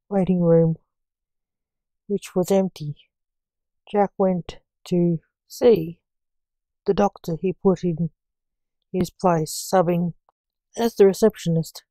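A woman reads a short story aloud in a plain, unhurried way. Her tone is mellow and slow, and the recording is dry and close. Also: on the low side, fairly even intonation, dry recording. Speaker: narrator. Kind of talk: amateur story reading.

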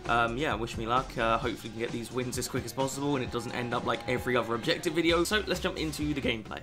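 A young man commenting on his own football video game match, moving from quiet mutters to furious, swearing shouts. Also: mid-range voice, racing, music in the background. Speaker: gaming YouTuber. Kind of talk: live gameplay commentary.

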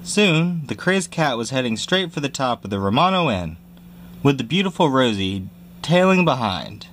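A man reading a children's picture book aloud in a lively storytelling manner, jumping high for squeaky cries. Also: moderate pace, a little hiss or hum. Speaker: reader.

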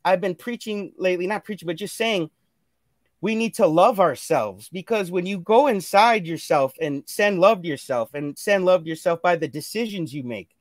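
A man's voice: high-pitched, lively intonation, moderate pace, no room sound, studio quality. A man talking earnestly on a live stream, preaching self-love and good decisions in a repetitive, motivational way. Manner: earnest, preachy, repeats phrases. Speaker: guest. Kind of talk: motivational casual chat.

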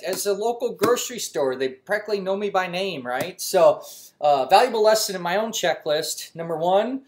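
A man's voice: high-pitched, normal speed, a little hiss or hum. A man casually telling a funny personal story as host of a mechanics channel, with many fillers and restarts. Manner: animated when quoting himself.

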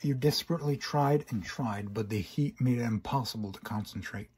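A man reads a horror story in second person, stumbling and restarting now and then. His voice is very husky and mid-pitched. It is an amateur reading. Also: fairly quick, a little mellow. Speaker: narrator. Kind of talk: horror fan-fiction reading.

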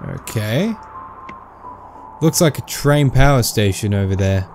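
A man's voice: medium pitch, expressive, unhurried, a little mellow, a little hiss or hum. Chatty man narrating a video game. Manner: chatty, reacts aloud and reads game dialogue. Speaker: game commentator. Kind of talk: casual let's-play commentary.

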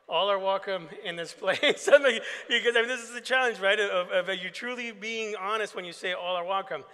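A pastor gives a keynote address, telling stories and slipping into the voices of the people in them. His voice sits a little high and comes across bright and forceful. The sound rings out with the long reverb of a large hall. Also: clean tone. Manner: anecdotal, acts out quoted dialogue. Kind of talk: keynote storytelling to an assembly.

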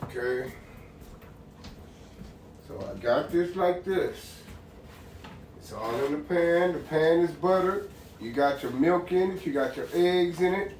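His voice is a little high and a little mellow, and he takes things slowly with long pauses. The man is a laid-back home cook vlogger showing his dishes and speaking to "y'all." A roomy kitchen gives faint ambience, plus a slight hiss or hum.

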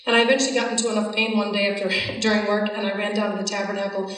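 A woman tells her own story in an earnest, storytelling way, acting out the lines she quotes. She sits at an ordinary middle pitch. The sound is distant and washed in the long reverb of a large hall. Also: flat delivery, rapid-fire, fairly bright tone. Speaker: speaker giving a faith testimony. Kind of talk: personal testimony talk. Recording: echoey hall from far off.

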